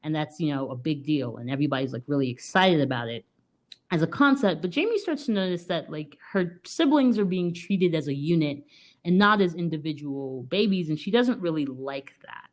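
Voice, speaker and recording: A woman's voice: deep voice, expressive, fairly quick. A woman co-hosting a podcast, casually summarizing a film plot in chatty talk with many fillers and frequent laughs. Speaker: podcast co-host.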